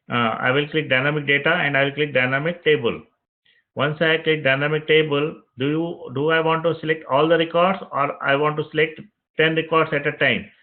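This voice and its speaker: A man teaching web development, narrating each click of a screen-recorded software tutorial step by step and repeating phrases as he goes. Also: a little high. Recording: tinny phone-like audio.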